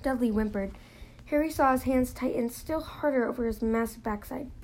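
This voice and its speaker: A woman's voice: fairly high pitch, moderate pace, darkish tone, poor audio. Woman reading a novel aloud. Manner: plain reading with occasional slips and restarts. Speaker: reader.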